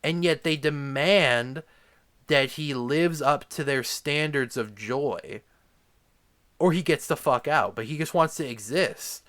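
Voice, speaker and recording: A man's voice: a little high, slow, fairly bright tone. A young man delivering a crude, rambling comedy rant packed with swearing and filler words. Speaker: comedic ranter.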